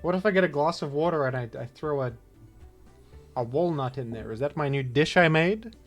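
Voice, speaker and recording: A man's voice: on the high side, animated, fairly quick, faint music behind. Rambling, jokey man doing game commentary. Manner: rambling, jokey, mock-outraged asides. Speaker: gaming video host. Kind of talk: casual gameplay commentary.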